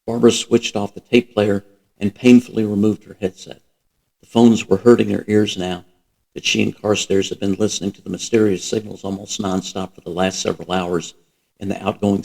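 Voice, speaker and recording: A man reading a novel aloud as host, in a steady, even narration. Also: lowish voice, fairly quick, vocal fry, rough recording. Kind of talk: audiobook-style reading.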